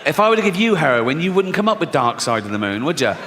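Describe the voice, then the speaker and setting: A man's voice: a little high, very animated, fast, a bit bright. A man performing stand-up comedy, telling crude, sardonic stories full of swearing. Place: live comedy venue on stage. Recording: live hall reverb, faint noise.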